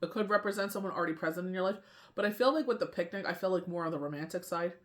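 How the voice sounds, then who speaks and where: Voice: medium pitch, rapid-fire, a bit bright. A tarot reader and medium in a casual spiritual talk, rambling and often asking "you know what I mean".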